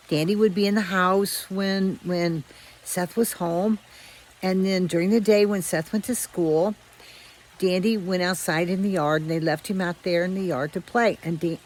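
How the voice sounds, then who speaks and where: A woman telling a children's story aloud in a relaxed, conversational way with frequent restarts. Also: lowish voice, unhurried, poor audio. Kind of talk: casual oral storytelling.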